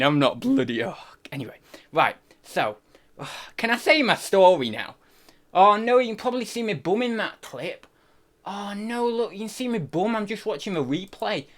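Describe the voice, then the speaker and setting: A man's voice: a little high, a bit bright. A man hosting a live stream, chatting casually and rambling with self-deprecating asides. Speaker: livestream host.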